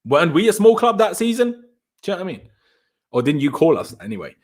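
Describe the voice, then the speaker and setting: A man's voice: high voice, sing-song, brisk. A young man hosting a fan channel's post-match live stream, ranting in exasperation, repeating himself and bantering with viewers in chat.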